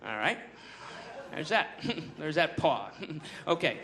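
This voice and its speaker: A man telling a rambling stand-up story, animated and laughing at his own jokes. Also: on the high side, slow, slight background noise. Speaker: stand-up comedian.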